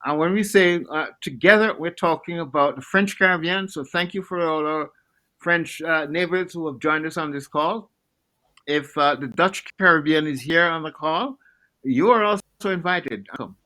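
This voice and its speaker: Bright-voiced man answering on a webinar. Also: on the high side, normal speed, rough recording. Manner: earnest, inviting, with many fillers. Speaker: panelist. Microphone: video call.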